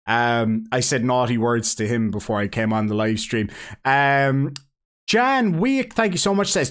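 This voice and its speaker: A Cork-accented Irish man hosts a live stream, reading out donation messages in a rambling, jokey, excitable manner. His voice is medium-pitched and his pace moderate.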